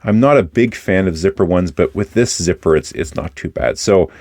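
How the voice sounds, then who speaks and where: Low-voiced man chatting casually, dry sound. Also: normal speed, no room sound. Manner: relaxed and chatty, with many fillers and restarts. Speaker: host of a fountain pen channel. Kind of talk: casual product review talk.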